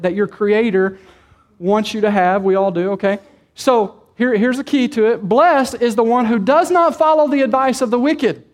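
A male pastor preaching a sermon in a church, addressing the congregation with direct questions and stretching and repeating key words for emphasis. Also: very high-pitched.

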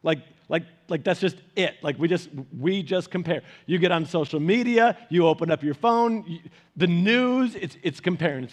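High-voiced man preaching casually. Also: expressive, normal speed. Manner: conversational, repeats and restarts words. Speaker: pastor. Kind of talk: sermon.

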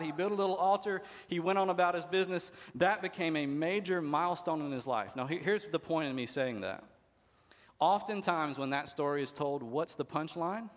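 A man preaching as pastor speaks briskly in a slightly high, fairly bright voice. He addresses the congregation in a conversational style full of rhetorical questions, with long hall reverb on the recording.

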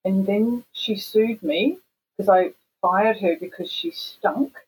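Husky Australian woman, animated and frank. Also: mid-range voice, slow pace, low-quality recording. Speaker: guest, voice actor and singer. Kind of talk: casual interview chat.

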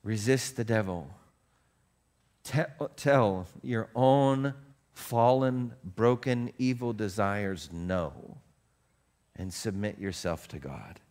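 A man's voice: on the low side, animated, slow pace, darkish tone. A male pastor preaching a casual, joking sermon, telling stories in a conversational way.

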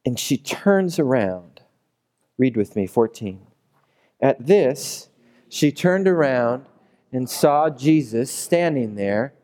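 A man's voice: mid-range voice, expressive, takes it slowly, dark tone. A man preaching a sermon as a pastor, in a loose, conversational storytelling way. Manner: conversational storytelling, acting out characters.

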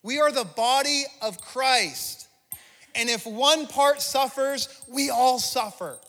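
A man's voice: very high voice, slow pace, fairly bright tone, long reverb tail. A male pastor giving an impassioned, conversational sermon, restarting phrases as he preaches in a church. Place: church sanctuary.

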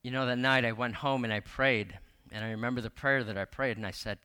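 Male pastor in his thirties, bright and forward tone, chatty sermon storytelling, lots of "um" and asides. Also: medium pitch, fairly even intonation, brisk, smooth. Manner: conversational, many fillers and repeated words, asks the congregation questions.

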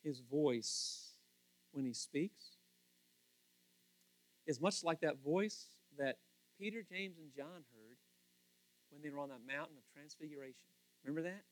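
A man preaching a sermon in a lively, playful way, acting out the people he quotes. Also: a little high, a little slow, pauses often, no echo, soft background music. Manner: animated, playful, acts out quotes in voices. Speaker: pastor.

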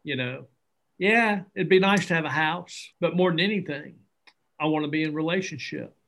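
A man's voice: on the high side, normal speed. Earnest middle-aged man telling stories. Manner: earnest, animated, acts out dialogue. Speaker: interview guest, charity founder. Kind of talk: conversational storytelling.

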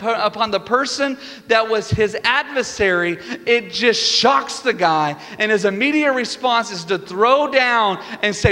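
A man preaching a sermon as pastor, telling stories with lively energy and building to fervent peaks. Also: high-pitched, measured pace, hardly any pauses. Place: church sanctuary. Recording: reverberant hall with music behind.

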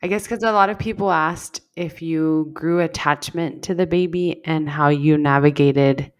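A woman's voice: low voice, steady tone, normal speed. A woman hosting a podcast interview, asking questions in a loose, hesitant way full of fillers. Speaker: podcast host.

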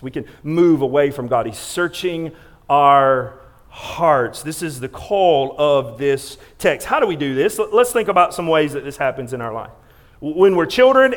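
A male pastor preaching a sermon in a church sanctuary. He preaches with emphasis, repeats and restarts words, and swings between loud stressed lines and quiet, hushed ones. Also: fairly high pitch.

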